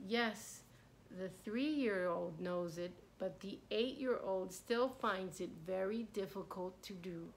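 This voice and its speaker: A woman voicing a calm, wise male monk in a storybook reading, speaking in a serene, unhurried way. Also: medium pitch, a little hiss or hum. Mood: gentle.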